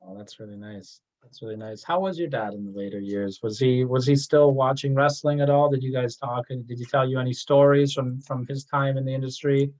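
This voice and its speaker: A man hosting a conversational interview, circling his questions with repeated false starts. His voice is mid-pitched. The audio is dull and lo-fi. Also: fairly even intonation, a little fast, few pauses, a little mellow. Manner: rambling questions with many restarts. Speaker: podcast host.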